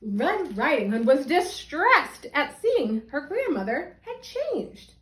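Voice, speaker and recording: A woman teacher reading a children's story aloud for young listeners, her voice high and leaping around expressively. The sound is roomy, with a clear echo. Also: slow. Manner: animated, expressive.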